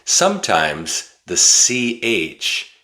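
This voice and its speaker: A man from Wisconsin teaching English pronunciation, slow and deliberate with exaggerated enunciation. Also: on the low side, big pitch swings, pushed and bright. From Wisconsin, USA. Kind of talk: pronunciation lesson.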